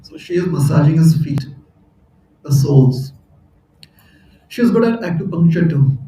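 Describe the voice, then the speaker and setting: A man's voice: on the high side, lively intonation, normal speed, mellow. A man giving a storytelling sermon at a temple hall, chatty and laughing at his own jokes. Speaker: temple speaker. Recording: echoey hall, voice from far off.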